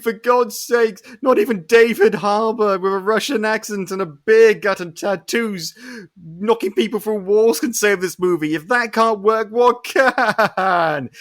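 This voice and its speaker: A man's voice: high-pitched, a bit bright. A man hosting a podcast, ranting animatedly through a casual film review and swearing often. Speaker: podcast host.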